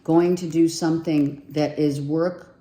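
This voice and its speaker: Low, slow woman reading tarot. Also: fairly even intonation, dark tone, roomy sound. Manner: chatty, repeats herself, thinks aloud while pulling cards. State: losing her voice. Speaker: tarot reader. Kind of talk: casual tarot reading to viewers.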